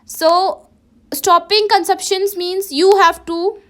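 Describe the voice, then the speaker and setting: A woman's voice: extremely high pitch, steady tone, takes it slowly, a bit bright. A woman teacher with a Ladakhi accent, giving a classroom lesson and checking in with "okay?" after nearly every sentence, often restarting and correcting herself. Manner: many restarts and self-corrections.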